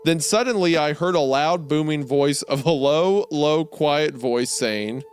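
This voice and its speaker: A man's voice: on the high side, a little slow, faint music behind. A young man on a comedy podcast, reading a creepy story aloud and often laughing partway through his sentences. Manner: laughs often, breaks into giggles mid-sentence. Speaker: podcast co-host.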